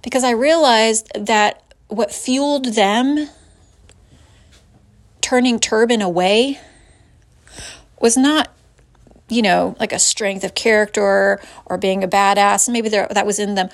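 A woman telling a personal story in a halting, reflective way, sighing and pausing with hesitant fillers. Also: mid-range voice, gravelly, no room sound.

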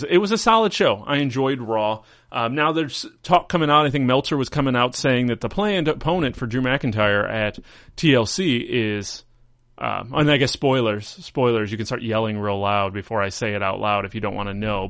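This podcast host's wrestling recap is casual and rambling, full of amusement and on-the-fly corrections. His medium-pitched voice is a bit bright, captured at studio quality with no room sound.

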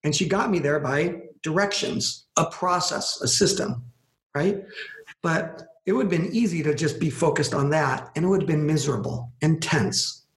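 A man's voice: on the high side, moderate pace. A man from Los Angeles, a podcast guest, telling a story in a conversational way and acting out what people said. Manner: animated storyteller, acts out quoted speech. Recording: echoey room.

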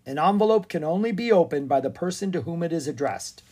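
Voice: medium pitch, expressive, fast, a little mellow, breathy edge, voice pushed up. A storybook reader voicing a stiff, official-sounding postmaster. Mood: officious. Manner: formal, officious. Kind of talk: storybook read-aloud.

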